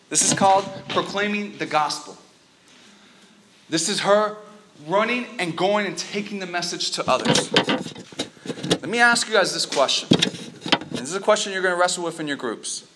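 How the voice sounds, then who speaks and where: Against a noisy background, a man with a high voice preaches an interactive sermon as a youth pastor. He tells the story with animation and stops to quiz the people listening.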